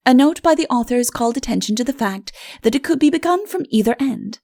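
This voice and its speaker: A woman narrating an audiobook fairy tale in a wry, lively storytelling manner. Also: on the high side, brisk, gravelly.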